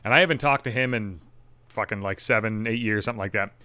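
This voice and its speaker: A man's voice: lowish voice, fast talker, sharp tone, clear, resonant tone, no room sound. A young man hosting a solo podcast, ranting bitterly and sarcastically with heavy swearing. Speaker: podcast host.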